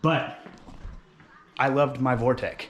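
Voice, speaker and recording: A man's voice: mid-range voice, steady tone, takes it slowly, very noisy. A young man from California, casually walking around a wrecked car he plans to rebuild, upbeat and full of fillers like "um" and "like". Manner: enthusiastic, filler-heavy, talks with his hands. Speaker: car vlogger. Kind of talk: casual walkaround vlog.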